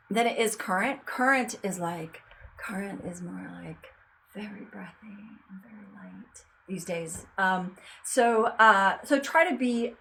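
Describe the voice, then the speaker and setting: A woman's voice: mid-range voice, a little hiss or hum, rough recording. A woman teaching a casual singing lesson, chatty, breaking off to demonstrate sung notes.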